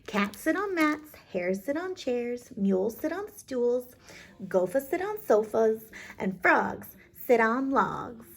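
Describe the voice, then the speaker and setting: Slow-reading kindergarten teacher, woman. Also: on the high side, very animated. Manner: slow, clear storytelling. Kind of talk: children's picture-book read-aloud.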